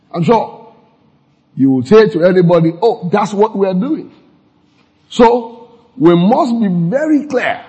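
A man's voice: a little high, mellow. An older man with a Nigerian accent preaching a sermon to his church, emphatic, repeating key phrases and laughing at his own jokes. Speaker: pastor. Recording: reverberant church hall.

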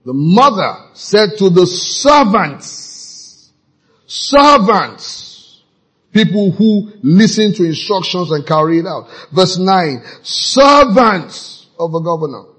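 A man preaching with a slightly raised pitch. He delivers his sermon in an animated, playful way, slipping into mocking voices as he acts out church members. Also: takes it slowly. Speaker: pastor.

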